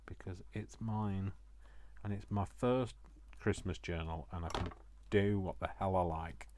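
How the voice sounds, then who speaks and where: A man's voice: deep voice, normal speed, background noise. A man chatting to viewers while crafting, joking at his own expense. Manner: self-mocking, jokey asides to viewers. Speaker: craft vlogger.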